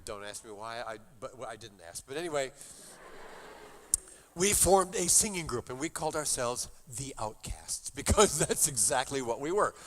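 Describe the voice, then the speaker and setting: A man's voice: mid-range voice, expressive, moderate pace. An older man leading a university chapel service, telling a story between songs with playful, joking exaggeration. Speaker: chapel musician and worship leader.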